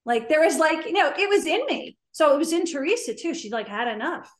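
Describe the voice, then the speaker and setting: A woman's voice: sits high, animated, a little fast. A woman from New Jersey, a podcast guest, talking candidly and emphatically with lots of fillers. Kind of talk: casual chat. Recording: roomy echo.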